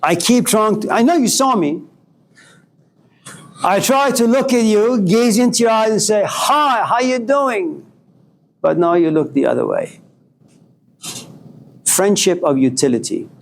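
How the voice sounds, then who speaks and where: A man's voice: sits high, a little slow, creaky, pauses often. A male philosophy professor giving a classroom lecture, telling stories and acting out talks with students. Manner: animated storytelling, acting out dialogues with students.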